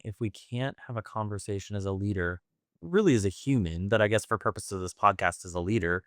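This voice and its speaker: A man's voice: fairly low pitch, clean tone, no echo, clean studio sound. A man hosting a podcast interview, asking long, thoughtful questions that circle back on themselves. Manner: thoughtful, rambling questions with restarts. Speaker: podcast host. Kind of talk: casual interview chat.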